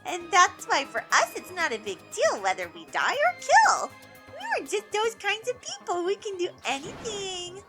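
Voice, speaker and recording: A woman doing a shrill, mood-swinging girl villain. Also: huge pitch swings, normal speed, over loud music, heavily acted. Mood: sad emo. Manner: switches between bored, cutesy and mopey sad tones. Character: unstable teen girl mastermind, bored then cutesy then gloomy. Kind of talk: fan voice-acting over a game.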